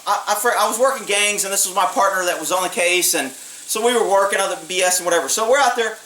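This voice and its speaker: A man's voice: sits high, fast, sharp tone. A man, a former police officer, telling a story in a blunt, streetwise way and swearing freely. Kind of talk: casual storytelling. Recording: echoey room, mic at a distance, faint hiss.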